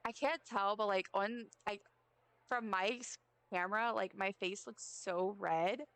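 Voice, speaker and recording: Chatty streamer woman with a bright, crisp voice. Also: medium pitch, fairly even intonation, a little slow, no room sound. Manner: chatty, rambling, self-mocking asides. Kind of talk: casual live-stream chat while gaming.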